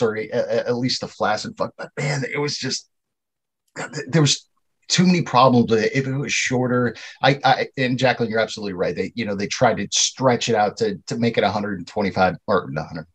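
Man, podcast co-host, husky voice, animated casual chat, swears and laughs. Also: medium pitch.

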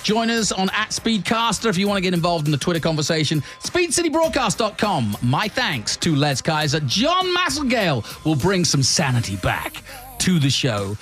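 A man's voice: high-pitched, huge pitch swings, normal speed, fairly bright tone, faint music behind. A man hosting a casual motorsport talk show, chatty and teasing, often restarting his sentences. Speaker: host.

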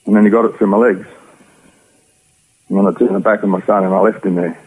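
An Australian man tells his story at a quick clip, earnest and rambling. His voice sits low and sounds husky. The audio is tinny and narrow, like a phone line on the radio. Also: fairly even intonation. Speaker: interview guest. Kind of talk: personal testimony.

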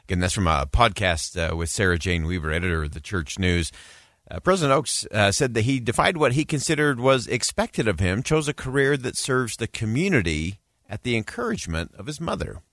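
A man hosting a show, introducing clips in a relaxed manner with frequent fillers. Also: lowish voice, a little fast, no room sound, clean studio sound. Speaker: host. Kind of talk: casual commentary.

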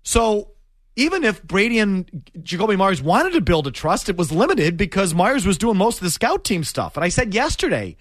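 Man, sports talk host, high voice, lively swooping delivery, emphatic ranting, dry close sound. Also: normal speed, no echo. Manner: animated, emphatic, exasperated rants.

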